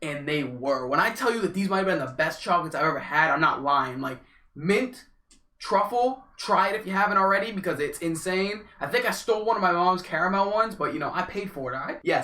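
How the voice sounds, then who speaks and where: Bright-voiced young man telling a story. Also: high voice. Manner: animated, slangy storytelling. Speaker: vlogger. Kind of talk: casual storytime. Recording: echoey room.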